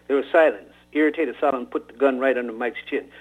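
A man's voice: medium pitch, quick pace. A man casually retelling and reading a novel aloud on the radio, heard over a tinny phone-like line. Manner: casual, animated storytelling.

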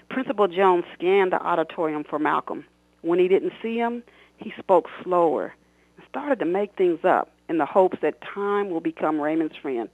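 Guy reading his novel out loud with feeling, shouts the dialogue, tinny phone call sound. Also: high-pitched, moderate pace, no room sound. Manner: expressive, shouts characters' lines. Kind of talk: dramatic book reading on a radio show. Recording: tinny phone line, dry.

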